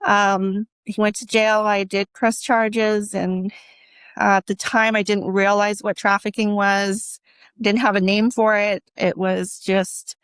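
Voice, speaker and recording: A woman giving emotional personal testimony as an interview guest, speaking earnestly and haltingly with many restarts. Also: mid-range voice, little pitch movement, fairly bright tone, smooth, dry recording.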